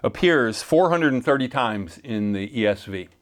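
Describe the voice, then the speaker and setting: A man's voice: medium pitch, animated, moderate pace. A male pastor preaching a sermon in a conversational way, with playful asides and frequent restarts.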